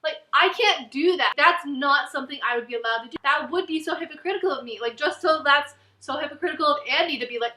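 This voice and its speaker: A woman's voice: sits high, animated, fast, sharp tone. A woman ranting in a book review vlog, exasperated and full of "like.". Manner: exasperated, heavy use of "like".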